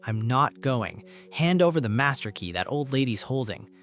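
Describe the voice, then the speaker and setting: A man voicing a panicky, cowardly young man who turns shrill and hysterical. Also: animated, moderate pace, soft background music. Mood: indignant. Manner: nervous, rising to shrill yelling.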